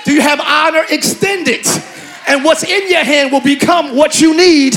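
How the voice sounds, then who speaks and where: Energetic male preacher, loud and bright, casual slang, teases the congregation. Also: very high-pitched, moderate pace, some chatter behind, a little hiss or hum. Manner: animated, shouting, slangy, joking with the congregation. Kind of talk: sermon.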